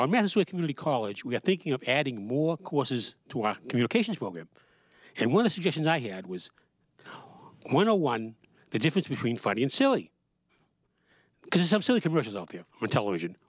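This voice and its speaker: A man riffs through a sarcastic stand-up routine, with a voice that jumps up and down in pitch. He is recorded dry and close, with no room around him. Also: dry recording. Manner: rambling, sarcastic, acts out quoted voices. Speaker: stand-up comedian. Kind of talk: stand-up comedy monologue. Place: small studio.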